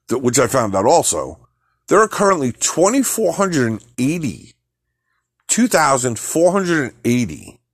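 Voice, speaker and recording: A man's voice: fairly low pitch, no room sound, studio quality. A man hosting a podcast, ranting about politics in a heated, profane way, with frequent repeated words and restarts. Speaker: podcast host. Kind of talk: opinionated political rant.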